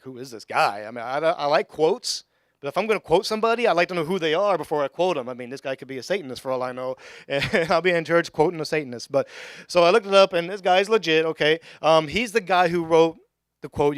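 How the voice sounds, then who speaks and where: A young adult male pastor giving a conversational sermon in a church, with joking asides and bursts of excitement. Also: on the high side, no room sound, studio quality. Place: church sanctuary.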